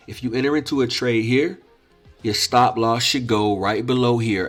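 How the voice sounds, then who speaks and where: A man's voice: mid-range voice, steady tone, normal speed, a bit bright, soft background music. A man teaching day trading over chart examples, emphatic and repetitive, often checking in with "all right?". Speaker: trading coach. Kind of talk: screen-share trading lesson.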